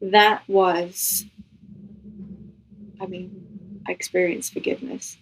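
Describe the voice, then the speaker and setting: A woman's voice: on the low side, flat delivery, slow pace, slight background noise, low-quality recording. A woman giving a personal faith testimony as a guest, telling her story in an earnest, emotional way and acting out what was said.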